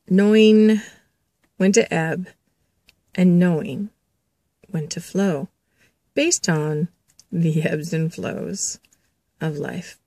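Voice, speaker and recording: A woman hosting an intuitive reading, speaking slowly in a lower register. She relays a spirit's words to her listeners and calls them children, chatting and laughing between thoughts. The sound is close and dry. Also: darkish tone, no room sound. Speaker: intuitive reader.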